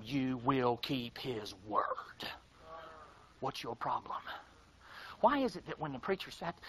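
A man preaching a fiery, folksy sermon. He mocks his listeners and swings between shouting and hushed tones. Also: mid-range voice, low-quality recording.

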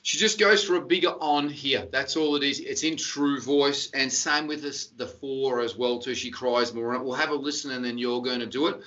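Male vocal coach, crisp bright tone, methodical and encouraging, distant muffled online-lesson audio. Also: medium pitch, normal speed, hardly any pauses. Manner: explains and corrects step by step with brief praise. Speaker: singing teacher. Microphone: video call. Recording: dull distant video-call audio.

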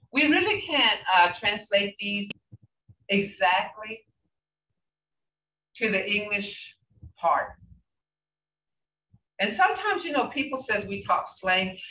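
Older woman, language teacher, slow repetitive delivery, bright forceful voice, distant dull roomy recording. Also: medium pitch. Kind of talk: language lesson.

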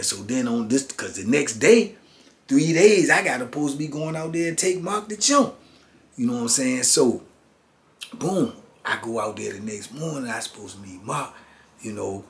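A man's voice: mid-range voice, expressive, normal speed. A middle-aged man and former prisoner, telling a prison story in an interview and filling his lines with street slang and "man". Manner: street slang, peppers lines with "man" and "you know what I'm saying".

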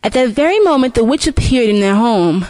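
A woman slowly telling a fairy tale for a listening lesson, expressive, with small restarts. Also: on the high side, dry recording. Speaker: storyteller.

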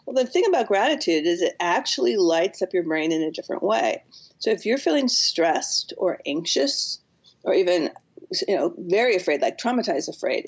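A woman's voice: lowish voice, husky, lo-fi sound. A woman psychotherapist, a podcast guest, earnestly explaining with acted-out examples. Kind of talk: podcast interview.

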